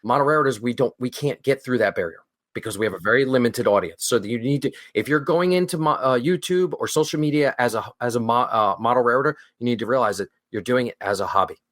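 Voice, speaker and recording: Mid-pitch guy on a podcast, really stressing his points, repeats himself. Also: fast talker, fairly bright tone. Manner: emphatic, repeats points, checks in with "okay?". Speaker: guest, model railroader. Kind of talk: casual interview talk.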